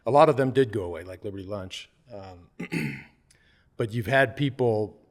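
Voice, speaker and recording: Male podcast host, low voice, loose rambling conversational style. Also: moderate pace. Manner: rambling, chatty, many restarts and fillers. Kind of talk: casual interview conversation. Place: bar lounge.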